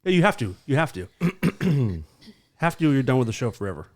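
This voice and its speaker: A man's voice: medium pitch, big pitch swings, moderate pace. A man hosting a podcast in casual chat, teasing and steering the segments along. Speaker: podcast host.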